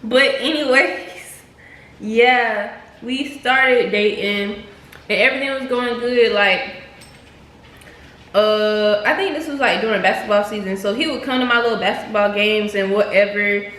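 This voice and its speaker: Chatty young woman, bright echoey voice. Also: a little high, measured pace. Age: young adult. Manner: chatty, slangy, addresses viewers as "y'all". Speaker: vlogger telling a story. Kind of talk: casual storytime chat. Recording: echoey room with faint noise.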